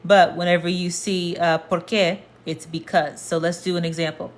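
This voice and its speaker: Woman, slightly low voice, patient livestream teacher who repeats key words slowly. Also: flat delivery. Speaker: Spanish teacher. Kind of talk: casual livestream lesson.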